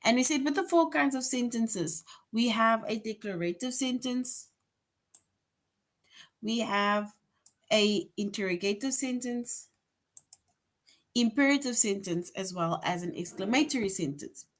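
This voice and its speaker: A woman teaching a grade-school grammar lesson online. She explains patiently, keeps checking in with "right?", and slows down to stress example sentences. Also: a little high, lively intonation. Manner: explains patiently, tag question "right?" after most points; reads example sentences slowly with emphasis.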